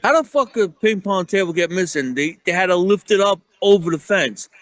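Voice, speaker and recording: A man with a New York accent telling rambling, profane stories in a casual chat, often getting excited as he acts out what people said. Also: high voice, fairly quick, no room sound. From Staten Island, New York. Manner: profane, rambling, excitable when acting out quotes. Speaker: security guard guest.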